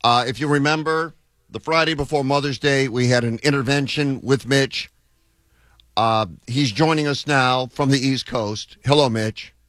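A man's voice: medium pitch, fairly even intonation, moderate pace, fairly bright tone, no room sound. A man hosting a sports talk radio show, taking calls and bantering with his co-host.

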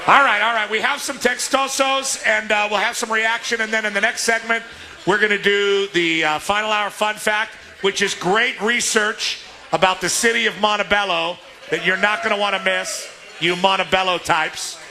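A man's voice: high voice, steady tone, moderate pace, pushed and bright. A man from Southern California hosting a live sports radio remote from a restaurant, joking and often laughing. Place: restaurant, indoors public space.

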